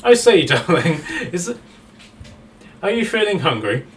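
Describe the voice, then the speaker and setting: A man's voice: sits high, big pitch swings, a little slow, far from the mic, slight background noise, pitched above the performer's own voice. A man voicing a posh, flirtatious male captive who drawls "darling" at everyone, in a tabletop game. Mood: flirty.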